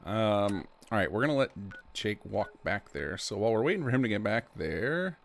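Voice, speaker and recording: A man streaming and commenting on a game he helped mod, chatty and quick to laugh, with rambling asides. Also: lowish voice, big pitch swings, creaky, a little hiss or hum.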